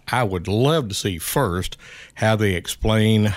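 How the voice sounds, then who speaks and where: Middle-aged male radio pundit, low-pitched, dry close sound, wry and unhurried. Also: no room sound. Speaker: regular political commentator. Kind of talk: radio politics chat. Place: radio studio.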